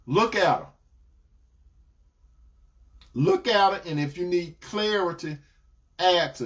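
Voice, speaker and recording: A man with a fairly high voice, talking like a preacher. He repeats his main points and calls his listeners brother and sister. His delivery is steady and earnest. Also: slow pace, long pauses. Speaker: relationship teacher. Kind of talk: live-streamed preaching talk.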